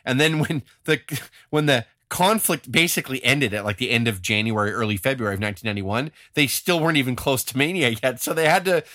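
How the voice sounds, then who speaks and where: Chatting casually on a podcast he co-hosts, a man tells a story at a quick pace in a mid-range voice, animatedly acting out quotes. It's studio quality with no echo.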